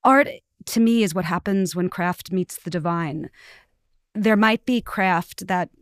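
A woman artist in a panel discussion who speaks in a reflective, measured way. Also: lowish voice, no echo, clean studio sound.

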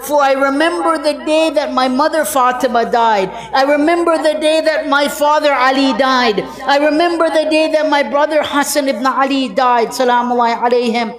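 A woman's voice: sits high, moderate pace, hardly any pauses, a crowd in the background, close to an everyday voice. A woman voicing an anguished, pleading sister. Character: grieving sister pleading with her brother.

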